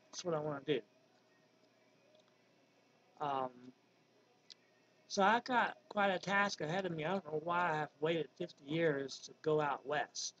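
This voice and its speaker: A man's voice: fairly high pitch, a little slow, pauses often, fairly bright tone, a little hiss or hum. A man in his fifties from Virginia with a Southern accent, talking casually and wandering off topic with many ums. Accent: Southern American (Virginia). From Virginia, USA. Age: 50s. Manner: rambling, digressive, with many ums. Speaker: vlogger. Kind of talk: casual monologue. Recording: dull lo-fi recording.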